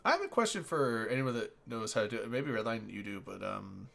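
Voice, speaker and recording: A man's voice: lowish voice, animated, a little fast, creaky, a bit bright. A man hosting a casual gaming chat, hesitant and thinking aloud with frequent fillers.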